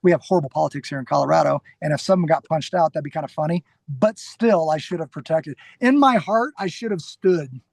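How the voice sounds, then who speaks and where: A middle-aged man with a high, gravelly voice tells stories animatedly as a podcast guest. He acts out what people said and keeps restarting sentences. The sound is dry and close, with no room echo. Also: a little fast, hardly any pauses. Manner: animated, acts out quoted lines, frequent restarts. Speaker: podcast guest, security trainer. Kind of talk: casual interview storytelling.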